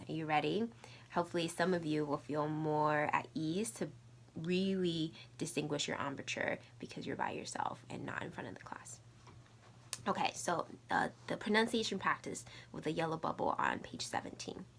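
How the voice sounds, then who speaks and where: A woman teaching a recorded language lesson, running slow repeat-after-me drills and dropping to soft, whispery asides between them. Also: low voice, vocal fry. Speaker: Mandarin teacher.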